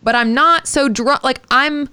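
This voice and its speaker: A woman's voice: high voice, a little slow. A woman co-hosting a podcast, telling a story in casual chat with lots of swearing. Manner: animated, profane storytelling. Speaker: podcast co-host.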